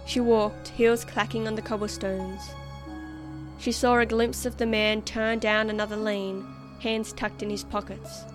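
A woman reading a story aloud as narrator in a measured, expressive way. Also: medium pitch, over music. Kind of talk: scripted narration.

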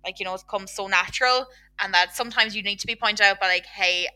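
A woman's voice: medium pitch, fast talker, pushed and bright. A woman with an Irish accent in casual conversation as a podcast co-host, chatty and blunt, with lots of "like". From Ireland. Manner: chatty and blunt, with frequent "like" fillers.

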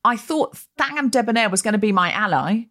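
A woman hosts a comedy podcast from a video call. Her pitch climbs and falls a great deal as she tells stories, and she slips into quick impressions of the people she quotes. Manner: animated storytelling, mimicking others in quotes. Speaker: podcast host. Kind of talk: casual comedic chat.

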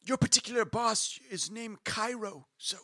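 Bright, husky-voiced man running a tabletop game. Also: high voice, expressive, moderate pace, no room sound. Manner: playful, giggly, trips over words. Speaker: game master. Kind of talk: narrating a tabletop game in character.

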